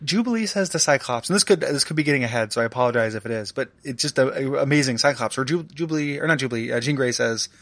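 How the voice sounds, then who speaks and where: A man's voice: mid-range voice, expressive, rapid-fire, hardly any pauses, a bit bright, no echo. A man co-hosting a casual podcast, rambling with many restarts and laughing often. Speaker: podcast co-host. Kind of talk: casual chat.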